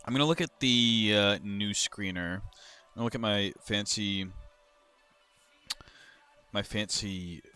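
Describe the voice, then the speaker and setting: A young man live-streaming crypto trades, chatting casually to his viewers and ranting about his moves with swearing and sudden loud outbursts. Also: lowish voice, a little slow, pauses often, smooth, faint music behind. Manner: frustrated, swearing, rambling, bursts of loud outrage.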